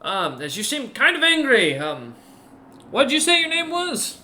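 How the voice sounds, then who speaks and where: A man's voice: very high-pitched, wildly swooping pitch, unhurried, pushed and bright, pitched above the performer's own voice, heavily acted. A man voicing a large, polite male ogre adventurer who speaks hesitantly and asks lots of questions. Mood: curious.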